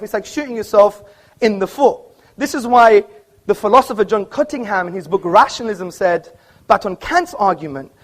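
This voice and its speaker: A man giving an argumentative, emphatic public debate speech to a live audience in an auditorium, citing books as he goes. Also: sits high.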